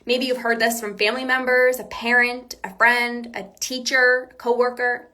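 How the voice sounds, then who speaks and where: A woman's voice: on the high side, flat delivery, moderate pace, pushed and bright. A woman hosting a coaching podcast, talking in an earnest, reassuring way that repeats key points. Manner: acts out quoted self-talk. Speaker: binge eating coach and podcast host. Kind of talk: motivational podcast talk.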